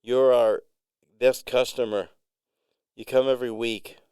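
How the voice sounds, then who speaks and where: A man's voice: medium pitch, level tone, unhurried, darkish tone, smooth, dry recording, studio quality, voice pushed up, natural voice. A man voicing a shy, nervous young farmer who stammers. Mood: awkward. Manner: hesitant, stammering.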